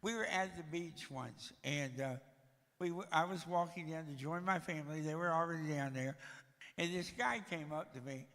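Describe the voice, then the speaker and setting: A man's voice: on the high side, normal speed, a bit bright, big-room sound. An older man giving a storytelling talk at a church, with a dry, joking manner. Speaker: guest speaker.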